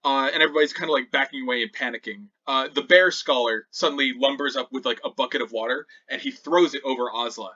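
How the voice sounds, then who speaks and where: A man narrating as game master of a tabletop game, dramatic, moving between loud and hushed. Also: mid-range voice, quick pace, hardly any pauses, far from the mic, dull audio.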